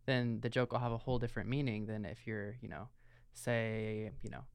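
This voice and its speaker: Fast-talking woman, smooth dry voice. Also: rumbling low, steady tone, darkish tone, no echo. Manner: rambling, musing. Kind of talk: casual interview chat.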